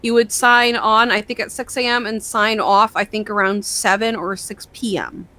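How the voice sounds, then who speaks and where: Bright-voiced woman in casual chat. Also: mid-range voice, fairly even intonation, normal speed. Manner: chatty, swears, stumbles over words. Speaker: co-host reacting to videos. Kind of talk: casual reaction chat, reading on-screen text aloud.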